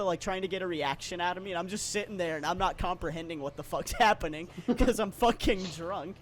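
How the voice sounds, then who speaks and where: A man's voice: high voice, moderate pace, slight background noise. Profane, rambling young man telling a story. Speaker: podcast co-host. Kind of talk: casual storytelling chat.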